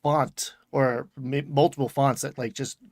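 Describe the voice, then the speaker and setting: A man's voice: mid-range voice, steady tone, unhurried, gravelly, darkish tone, no echo. Man, Long Island accent, casual podcast host, rambling and self-correcting, dry close sound. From Long Island, New York. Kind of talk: casual chat.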